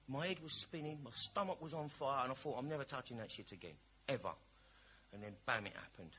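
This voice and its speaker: A man's voice: medium pitch, pushed and bright, slight background noise. A man giving a personal share at a recovery meeting, telling his story in a chatty, blunt, jokey way.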